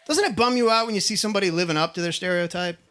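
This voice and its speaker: A man's voice: high voice, racing. Male stand-up, casual cursing delivery, light-toned, live venue with faint noise. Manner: profane, conversational, does mock voices of others. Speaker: stand-up comedian. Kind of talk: stand-up set.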